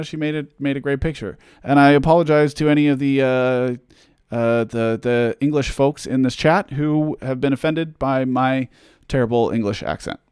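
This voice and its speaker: A man's voice: mid-range voice, fairly even intonation, moderate pace, a little mellow, clear, resonant tone. A man in a casual livestream chat with a mid-range voice. He rambles through answers with plenty of fillers and self-deprecating humor. The sound is dry, with no room echo. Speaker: musician answering fan questions.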